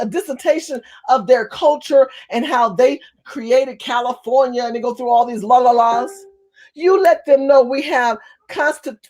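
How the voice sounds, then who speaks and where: Woman, high voice, animated rant, emphatic, talking straight to camera. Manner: animated, emphatic storytelling with cursing. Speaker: vlogger. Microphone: phone or camera facing her.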